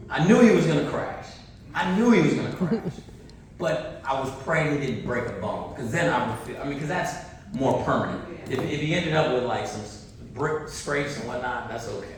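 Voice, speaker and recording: A man giving a keynote speech at a university conference, telling stories with animated energy, laughs and restarts. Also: a little high, measured pace. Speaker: keynote speaker. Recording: echoey hall, distant mic, faint noise.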